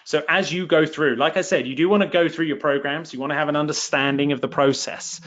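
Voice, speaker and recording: A man's voice: a little high, fairly even intonation, fast talker, a bit bright, muffled recording. A man with a southern English accent hosting a live webinar for his online course, chatty and self-deprecating, with lots of fillers. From England.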